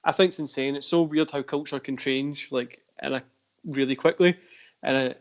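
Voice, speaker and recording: Man, podcast host, casual chat, rambling, mid-pitched voice. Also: fairly even intonation, normal speed. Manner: rambling, heavy use of fillers.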